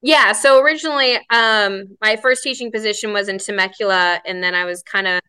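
A woman theater director from Southern California speaks with a bright, smooth tone. She explains things with enthusiasm and rambles a little. The sound is dry and close. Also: medium pitch, fairly quick, no echo, low-quality recording. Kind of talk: casual interview.

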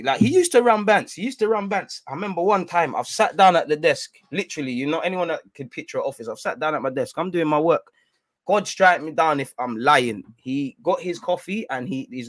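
Slangy man telling an anecdote. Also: fairly high pitch. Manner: rambling, slangy, animated storytelling with repeated restarts. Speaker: storyteller.

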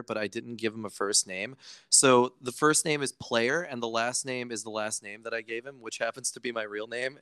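Bright, crisp-voiced man chatting casually. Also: mid-range voice, no room sound, clean studio sound. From Virginia, United States. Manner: chatty and rambling, jokey asides. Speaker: podcast host. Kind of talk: casual podcast chat.

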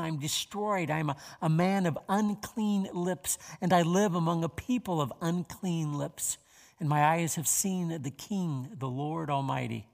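Male pastor, gravelly and a touch high-voiced, preaching in a measured way with many fillers, in a reverberant sanctuary. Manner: measured preaching with frequent "uh" fillers and repeated words. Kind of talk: sermon.

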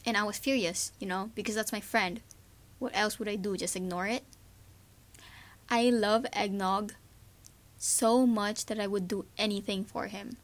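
A woman's voice: mid-range voice, steady tone, moderate pace, long pauses. A Filipino woman hosting a podcast and sharing her views in an earnest, emotional, casual way, with frequent fillers. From Philippines. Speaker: podcast host. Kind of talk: casual personal commentary.

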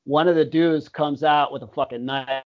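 A man's voice: fairly high pitch, steady tone, moderate pace. A young man chatting casually on a podcast, laid-back and swearing a lot. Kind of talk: casual chat. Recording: dull lo-fi audio.

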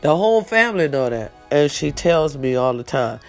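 A woman's voice: sits low, sing-song, normal speed, soft background music. Emotional woman talking to viewers. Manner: emotional, repeats phrases, speaks straight to viewers; preachy and encouraging, praises God and family. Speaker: online show host. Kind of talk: casual heartfelt livestream talk.

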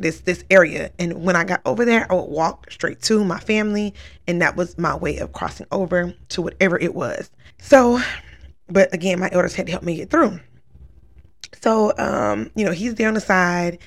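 A woman casually telling a long personal story, rambling and earnest, full of "like" fillers. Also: lowish voice. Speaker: vlogger recounting a dream.

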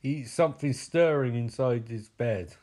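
A man's voice: mid-range voice, a little slow, darkish tone. Man, comedic movie recap, crude and sarcastic. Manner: crude, sarcastic, laughing asides. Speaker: film recapper.

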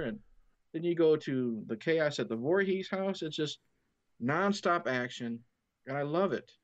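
Eager man with a dull lo-fi sound. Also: on the high side. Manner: enthusiastic, recounts scenes in detail. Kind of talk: casual film discussion.

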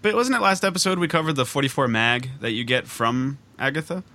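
A man's voice: mid-range voice, a little fast. A man co-hosting a gaming podcast, playing the game as he chats, giggly and playful. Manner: giggly, playful, lively commentary while playing. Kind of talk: casual gaming chat.

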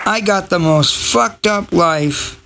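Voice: medium pitch, slow pace, creaky. A podcast host in a casual, rambling monologue, profane and sarcastic. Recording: loud background noise and crowd chatter.

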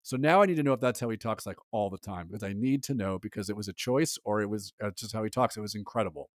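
A man co-hosting a podcast in casual chat, animated and rambling, acting out lines from a movie. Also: fairly low pitch, quick pace, no room sound, studio quality. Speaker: podcast co-host.

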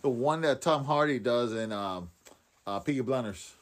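A man's voice: mid-range voice, animated, moderate pace. Laid-back man who keeps saying "man". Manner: laid-back, profane, says "man" a lot. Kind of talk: casual chat.

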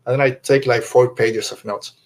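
A man co-hosting a podcast, talking casually and enthusiastically, rambling and slipping into quick impressions of characters. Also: mid-range voice, steady tone, darkish tone. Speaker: podcast co-host. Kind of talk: casual fan review chat.

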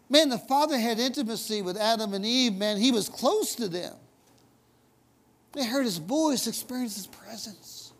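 A man's voice: very high-pitched, a bit bright. A man preaching a sermon in a conversational, folksy way, telling stories with emphatic asides. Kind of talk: storytelling sermon.

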